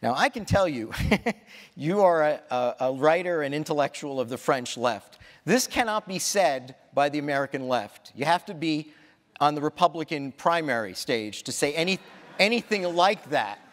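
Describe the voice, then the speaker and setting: A man's voice: a little high, animated, moderate pace. Man interviewing on stage, hall echo. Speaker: interviewer, moderator. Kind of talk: onstage interview questions. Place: large auditorium on stage.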